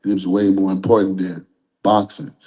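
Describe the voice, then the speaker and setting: A man's voice: sits low, little pitch movement, moderate pace, warm tone. A man speaking as an interview guest, talking candidly and earnestly in a rambling, conversational way. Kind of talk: casual interview talk.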